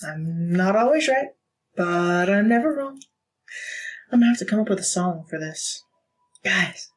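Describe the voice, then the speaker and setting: Woman tarot reader, husky, slow-paced, blunt, swears, laughs a lot. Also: mid-range voice, expressive, rough recording. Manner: blunt, profane, laughs often. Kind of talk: casual tarot reading.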